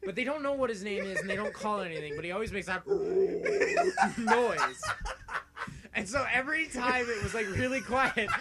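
A man's voice: sits high, animated, brisk, very noisy. A man co-hosting a casual podcast, telling a teasing story and laughing through it. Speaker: podcast co-host.

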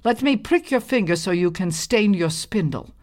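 A woman's voice: medium pitch, animated, moderate pace, close to an everyday voice. A woman voicing a harsh, scheming stepmother in a folktale, giving orders. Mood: commanding. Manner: commanding.

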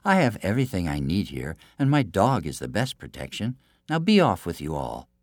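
A man's voice: low-pitched, wildly swooping pitch, moderate pace, dry recording, clean studio sound, heavily acted. A man voicing a bold young village woman, speaking in a spirited, defiant way. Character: bold, stubborn young Scottish village lass.

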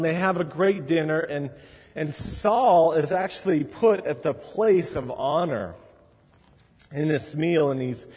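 Husky-voiced preacher, conversational. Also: male voice, a little high, a little mellow, in a large hall. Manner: conversational, storytelling, with frequent asides. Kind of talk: sermon.

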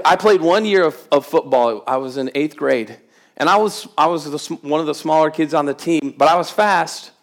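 A middle-aged man preaching a sermon to his congregation, chatty and humorous, building to emphatic exhortation. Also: a little high. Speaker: pastor. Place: church sanctuary with congregation.

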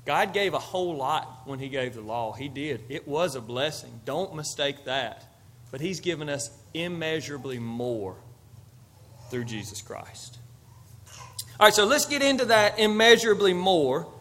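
Emphatic high-voiced preacher man. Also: very animated, measured pace, slight background noise. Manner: conversational, emphatic, swings from loud to quiet. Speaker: pastor. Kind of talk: sermon.

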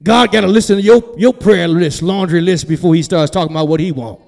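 High-voiced preacher in a reverberant church. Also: male voice, a little fast, gravelly. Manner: animated storytelling, builds to shouting, joking asides. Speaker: pastor. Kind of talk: sermon.

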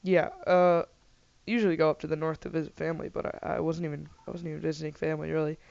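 A man's voice: on the high side, flat delivery, fast talker, gravelly, darkish tone, clear, resonant tone, no echo. A man chatting casually and jokingly, rambling with lots of fillers. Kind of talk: casual chat. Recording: dull, slightly lo-fi dry mic.

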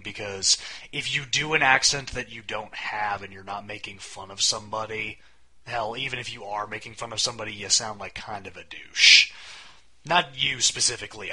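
A man's voice: on the low side, bright, forceful tone, slightly rough, rough recording. A young man co-hosting a casual podcast, talking in a rambling, wry way and swearing casually. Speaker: podcast co-host.

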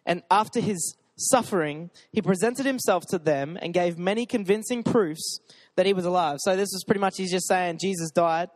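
High-voiced young man preaching. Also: normal speed. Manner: casual, joking, urging the crowd with "come on". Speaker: pastor. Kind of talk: sermon. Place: church gathering.

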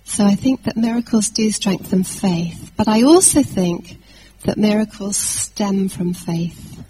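A woman from England preaching a sermon, telling a personal story in a lively anecdotal way with fillers and restarts. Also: medium pitch, a little slow, background noise.

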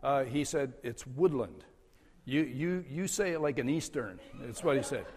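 An older man speaks from the pulpit as a departing pastor. His delivery is slow and halting, with many "uh" fillers and soft chuckles. His mid-pitched voice carries a long church reverb. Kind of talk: farewell address from the pulpit. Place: church sanctuary.

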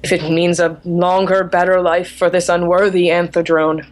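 A woman's voice: lowish voice, level tone, normal speed, faint music behind, lightly acted. Meek, devoted male bee-man guard from a storybook, as a woman reader voices him. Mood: humble. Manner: deferential, quiet. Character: loyal young male bee-man bodyguard, humble.

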